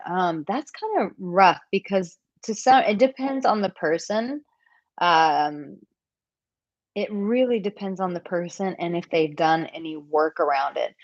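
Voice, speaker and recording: Woman coach doing a live q&a, lowish voice, candid and chatty, kinda dull dry sound. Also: no room sound. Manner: candid, chatty, with many fillers and acted-out example lines. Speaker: dating coach. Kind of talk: live Q&A answering viewer comments.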